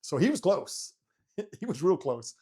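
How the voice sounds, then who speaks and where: A man's voice: high voice, very animated, a little slow, mellow, husky. A middle-aged man, a retired helicopter pilot, telling a story in a casual interview and acting out his own panicked reactions, swearing freely.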